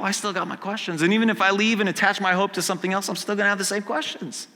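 A man preaching a casual, conversational sermon. He acts out quotes and swings from hushed to loud. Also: high-pitched, animated, fast talker, in a large hall. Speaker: pastor. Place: church sanctuary.

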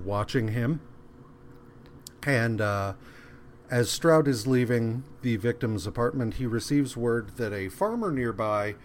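Male podcast co-host, unhurried recap, faint hiss behind, mid pitch. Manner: relaxed, rambling retelling with quick voiced asides. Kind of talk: casual comic book recap.

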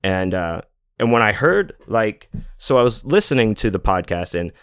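A man's voice: on the low side, sing-song, normal speed, clean tone, no room sound, studio quality. A man in his forties hosting a podcast, talking in a rambling, casual monologue full of fillers, restarts and swearing. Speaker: podcast host.

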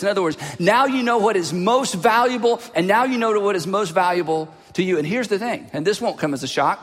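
A man preaching a sermon as a pastor, telling a personal story in an animated way and dropping his voice low for asides. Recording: long hall reverb.

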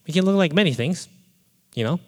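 A man preaching a sermon, telling a personal story with animated delivery and acting out his own quoted thoughts. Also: fairly high pitch, fairly quick. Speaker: pastor. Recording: reverberant hall.

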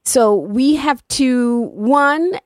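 A woman hosting a casual community radio talk show. She is chatty and playful, and her pitch sometimes swoops up suddenly. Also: drawn-out words, no echo, studio quality. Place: radio studio.

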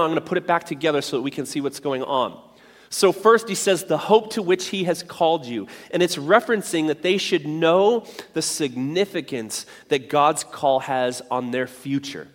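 Male pastor, fairly high voice, lively conversational sermon, long hall reverb. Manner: conversational, animated, playful asides.

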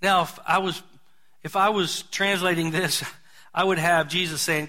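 Male pastor, high bright voice, folksy conversational sermon delivery. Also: fairly even intonation, moderate pace. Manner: folksy, conversational preaching with lots of repetition.

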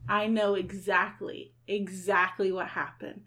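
A woman voicing a chatty, superstitious dwarf woman in a tabletop game, talking in a hushed, conspiratorial way. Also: mid-range voice, flat delivery, measured pace, close to an everyday voice. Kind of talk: tabletop role-play.

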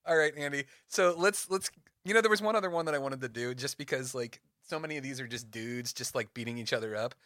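A young man co-hosting a casual podcast, animated and playful, building up dramatic fan crossover stories. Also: medium pitch, fast talker, no echo, clean studio sound. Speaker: podcast co-host.

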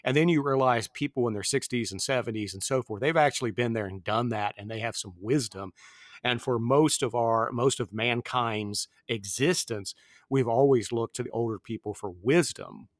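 A man's voice: mid-range voice, normal speed, no room sound. Dry-sounding fifty-something man. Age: 50s. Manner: rambling, with many fillers and restarts. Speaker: podcast host. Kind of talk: casual film discussion.

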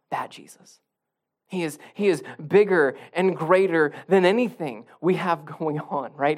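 A male pastor preaching a sermon, swinging from soft near-whispers to loud emphatic bursts and repeating phrases for emphasis. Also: medium pitch.

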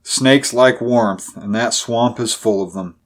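A man's voice: medium pitch, slow, natural voice. A man voicing a blunt, grim character who speaks curtly and snappishly. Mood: dismissive. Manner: curt, snappish.

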